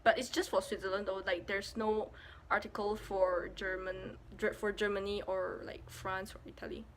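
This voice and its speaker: A woman's voice: medium pitch, level tone, moderate pace, slight background noise. A young woman from Malaysia with a Malaysian English accent, giving a casual, jokey vlog with playful asides. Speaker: vlogger.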